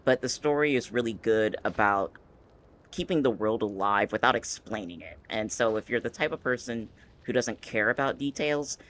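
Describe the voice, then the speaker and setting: A man's voice: mid-range voice, moderate pace, fairly bright tone. A man streaming a game, chatting casually and laying out his interpretations of the story in a thoughtful way.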